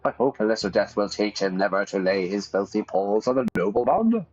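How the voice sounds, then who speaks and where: A man's voice: lowish voice, expressive, brisk, a little mellow, lo-fi sound. A man voicing an arrogant young nobleman, pompous and indignant, while reading a game aloud.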